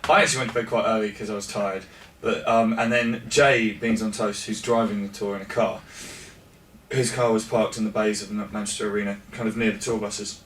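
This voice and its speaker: A man chatting as an interview guest, quick to laugh and poking fun at himself, recorded backstage at a concert venue. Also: fairly low pitch, steady tone, a bit bright. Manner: chatty, laughs often, self-deprecating. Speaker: musician guest. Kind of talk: casual interview chat. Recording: roomy, distant mic with faint noise.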